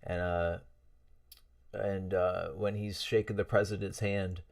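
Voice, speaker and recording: Deep, flat and slow, with vocal fry, this man's voice comes through studio-clean and echo-free yet far from the mic. He hosts a casual livestream, reading out chat messages and chatting in a friendly, rambling way full of fillers and chuckles.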